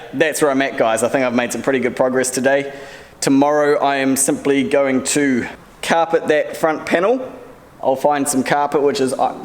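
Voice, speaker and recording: A man talking casually to camera as a car audio vlogger, relaxed and rambling. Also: mid-range voice, big-room sound, slight background noise. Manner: relaxed, rambling, chatty with viewers.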